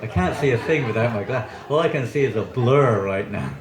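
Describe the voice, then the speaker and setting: A male swami teaches a scripture class in a temple hall, chatty and quick to joke. His mid-pitched voice rises and falls a lot as he quizzes his listeners. The hall gives it a roomy echo. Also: lively intonation, a crowd in the background. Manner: chatty, joking, quizzes the audience. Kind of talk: sermon with audience questions. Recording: echoey hall.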